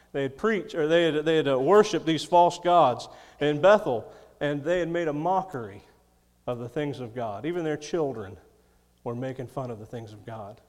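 A man's voice: fairly high pitch, moderate pace, a little mellow, in a large hall. A man preaching a sermon, reading scripture and adding folksy, chuckling asides. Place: church.

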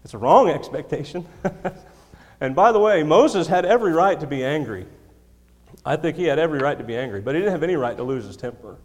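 Speaking fast and with animation, a preacher with a voice on the high side addresses his congregation, hammering home key lines and adding self-deprecating humor. The church sanctuary gives long hall reverb to his handheld or stand microphone.

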